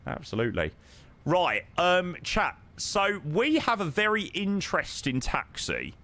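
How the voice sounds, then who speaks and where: A man's voice: high voice, huge pitch swings, a little slow, bright, forceful tone. A man chatting casually on a live stream, answering viewers with plenty of ums and friendly "mate"s. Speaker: live streamer flying a flight simulator.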